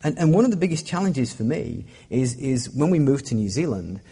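A man's voice: medium pitch, sing-song, brisk, warm tone, breathy edge. A middle-aged man preaching a sermon as a pastor, joking and self-deprecating as he talks. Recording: long hall reverb.

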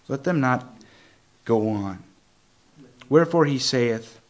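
A young man giving an informal Bible teaching, earnest and conversational, often restarting phrases and slowing down to stress scripture. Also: medium pitch, expressive. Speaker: preacher.

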